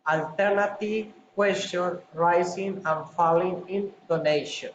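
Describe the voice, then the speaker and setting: A man's voice: high-pitched, steady tone, a little slow, few pauses, slight background noise. A man carefully reading English intonation drills aloud, one example at a time, in a home recording. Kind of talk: slow read-aloud drill. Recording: roomy, slightly dull home recording.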